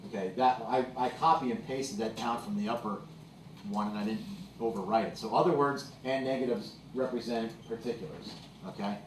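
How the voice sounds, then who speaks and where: Male teacher, mid-pitched, explaining with examples and asking "okay?", distant mic. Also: fairly quick, slight background noise. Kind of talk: classroom lecture. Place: classroom. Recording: echoey classroom, voice from far off.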